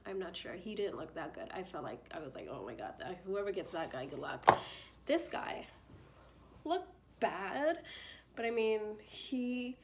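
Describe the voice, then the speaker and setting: Bubbly young woman rambling about plant care, mid voice, lots of likes and laughs, bit of background noise. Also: mid-range voice. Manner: chatty and bubbly, many fillers, laughs often. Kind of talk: casual tutorial chat.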